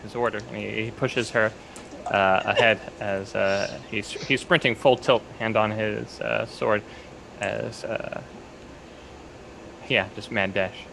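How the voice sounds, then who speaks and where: A man's voice: lowish voice, fairly even intonation, slow, creaky, fairly bright tone, slight background noise, poor audio. A man playing a tabletop game, hesitantly describing his character's actions with frequent ums and uhs. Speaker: player.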